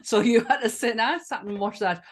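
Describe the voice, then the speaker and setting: Northern English woman in her thirties, podcast co-host, excitable, swears, laughs a lot. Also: fairly high pitch, fairly quick. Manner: enthusiastic, swears freely, laughs often. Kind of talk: casual chat.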